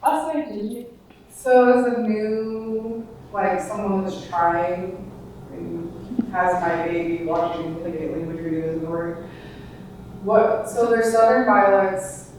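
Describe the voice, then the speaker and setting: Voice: medium pitch, fairly even intonation, slow, darkish tone, slight background noise. An adult audience member asking a long, hesitant question at a public talk. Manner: hesitant, rambling, restarting. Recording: echoey room, far from mic.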